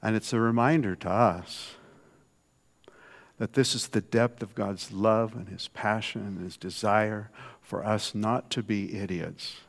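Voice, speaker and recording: A man preaching a sermon in a conversational way, swinging from soft, low asides to loud, emphatic lines. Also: steady tone, a little slow, creaky.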